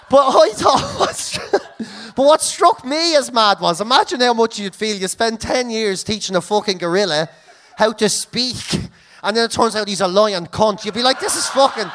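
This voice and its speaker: A woman's voice: on the high side, animated, unhurried, noisy background. An Irish woman co-hosting a podcast, telling a comic story full of swearing and laughing through her lines. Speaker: podcast co-host.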